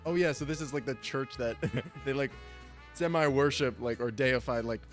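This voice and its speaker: A man's voice: medium pitch, normal speed. A man streaming a game and commenting casually in a jokey way, often laughing between remarks. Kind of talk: let's play commentary. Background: faint game music.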